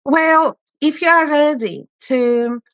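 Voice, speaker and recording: Slow, hesitant Polish-accented woman. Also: high-pitched, a bit bright, dry recording. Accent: Polish with a Scottish tinge. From Poland. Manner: slow, hesitant, many fillers. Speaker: guest, family constellation therapist. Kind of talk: podcast interview.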